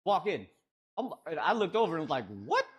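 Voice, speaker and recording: A man streaming from home, telling a rambling, animated story with lots of restarts and fillers. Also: a little high, quick pace, husky.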